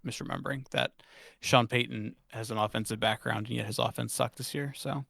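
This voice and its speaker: A man's voice: medium pitch, fairly even intonation, a little fast, creaky, fairly bright tone, dry recording, clean studio sound. A man co-hosting a sports podcast, blunt and swearing, laughing often in casual chat. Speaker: podcast co-host.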